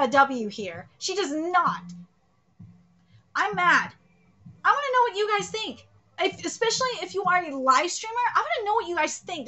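High, bright-voiced woman ranting bluntly. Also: rough recording. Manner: blunt, profane, emphatic ranting; repeats herself for emphasis. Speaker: streamer, channel host. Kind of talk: live manga reaction.

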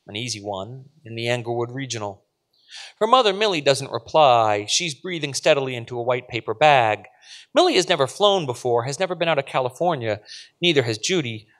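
A man's voice: mid-range voice, a bit bright. A male author reading his fiction aloud at a live event, with vivid, dramatic narration. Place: live event at a literary venue.

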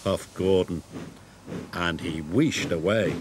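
A man with a British accent narrating a children's story in a gentle, expressive way. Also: deep voice, takes it slowly, a little hiss or hum. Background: music.

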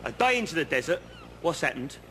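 A yarn-spinning decorator, slightly high voice, noisy outdoor sketch audio. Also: male voice, very animated, fairly quick, sharp tone. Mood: chatty. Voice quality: chatty, earnest storyteller, leading asides. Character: rambling working-class male painter spinning pointless yarns. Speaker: house painter. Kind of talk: comedy sketch acting. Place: outdoors on a bridge.

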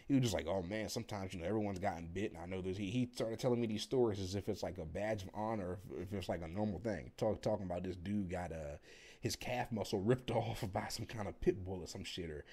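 A man's voice: deep voice, fast. A young man rambling casually through a work story, blunt and profane, acting out what others said. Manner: rambling, profane, animated when quoting others. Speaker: delivery driver vlogger.

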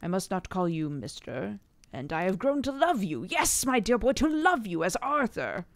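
A woman's voice: fairly low pitch, animated, moderate pace, a little mellow, no echo. A woman voicing a grave, kindly old male professor in a read-aloud storybook. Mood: tender.

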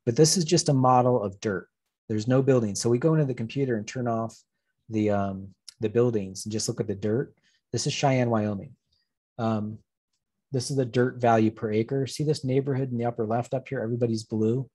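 A man's voice: medium pitch, steady tone, brisk, darkish tone, breathy edge, no room sound, studio quality. A man, an urban planning consultant, giving a public lecture with slides, talking plainly and telling wry anecdotes.

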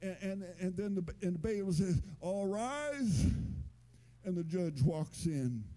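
A man pastor preaching a sermon in a church, with a chanting, sing-song delivery that rises to shouts. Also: high voice, normal speed. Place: church sanctuary.

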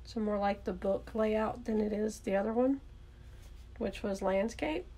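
Her voice is warm and husky, medium in pitch and a little slow, with a Southern accent. She chats casually through a card-making demonstration, thinking aloud as she works and correcting herself along the way.

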